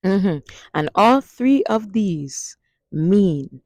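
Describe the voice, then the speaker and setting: Slow-talking Jamaican woman teaching a lesson. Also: fairly low pitch, no echo. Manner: slow, drawn-out teacherly delivery with lively phrases. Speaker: language teacher. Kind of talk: playful vlog language lesson.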